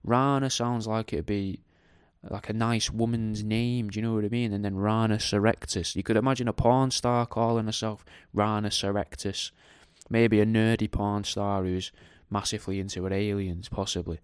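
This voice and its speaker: A man's voice: on the low side, steady tone, normal speed, clean tone, no room sound, clean studio sound. A middle-aged man hosts a radio show, rambling in a jokey, crude, digressive way and tagging questions onto his lines. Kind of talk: casual rambling monologue.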